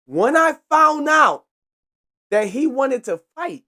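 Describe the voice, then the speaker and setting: A young man hosts his podcast with a loose, profane storytelling rant. His pitch jumps up and drops low as he acts out the scene, and he keeps breaking into laughter. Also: normal speed. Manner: animated, profane, laughs while telling. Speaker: podcast host.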